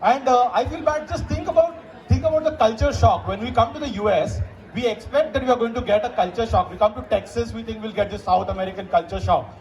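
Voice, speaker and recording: A man with an Indian English accent performing animated stand-up comedy at a university event, slipping into put-on voices for his bits. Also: extremely high pitch, poor audio. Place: university event before a live crowd. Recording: live crowd laughing in the background.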